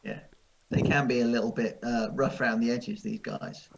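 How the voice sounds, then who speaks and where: A man playing a tabletop game, speaking in halting, hesitant turns. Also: medium pitch, fairly even intonation, vocal fry, muffled recording. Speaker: player.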